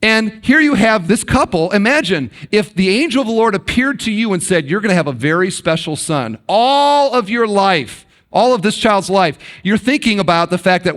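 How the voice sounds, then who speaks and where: A middle-aged pastor with a fairly high voice, preaching to his congregation. He talks conversationally, drops into hushed dramatic pauses, and acts out the quotes he reads. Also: lively intonation. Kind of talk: sermon.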